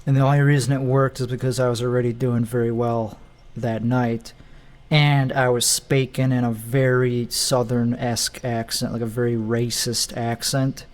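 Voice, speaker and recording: A man's voice: mid-range voice, little pitch movement, moderate pace. A comedian, a man, casually talking over his own stand-up recordings in a rambling, offhand way. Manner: rambling and offhand, with trailing restarts.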